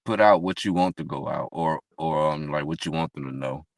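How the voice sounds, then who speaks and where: A man's voice: a bass voice, brisk, no room sound. A man chatting casually on a stream, agreeable and laid-back. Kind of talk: casual chat. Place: in a vehicle.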